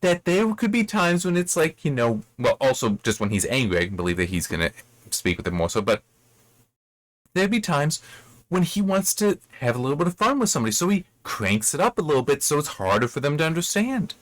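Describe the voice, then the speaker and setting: A man's voice: fairly high pitch, big pitch swings, a little fast, no echo. Rambling man reviewing a book, dry sound. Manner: rambling, self-correcting, acts out quoted characters. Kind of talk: casual spoken book commentary.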